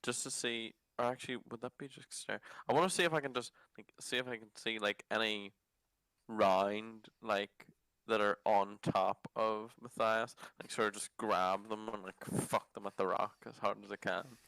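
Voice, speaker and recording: Low-voiced man swearing at the table. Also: fairly even intonation, moderate pace, fairly bright tone, no room sound. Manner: blunt, swears freely, thinks aloud. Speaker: player. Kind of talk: casual tabletop chat.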